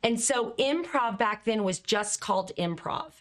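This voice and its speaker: Expressive woman telling animated stories. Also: a little high, a little slow. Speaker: guest, communication coach. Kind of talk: conversational storytelling.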